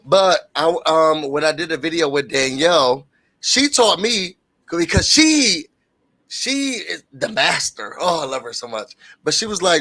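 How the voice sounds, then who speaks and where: Dude cohosting a chat show, kinda high voice, super animated, does little voices and gasps. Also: male voice, a little slow. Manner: animated, acts out people's voices with soft gasps. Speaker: co-host. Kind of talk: casual chat.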